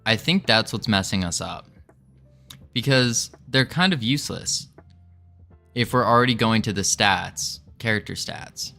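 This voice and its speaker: A man's voice: on the low side, expressive, unhurried, creaky, bright, forceful tone, faint music behind. A man streaming his game development work, chatting casually and thinking aloud while he codes, joking and rambling as he goes. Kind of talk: casual live-stream chat while coding.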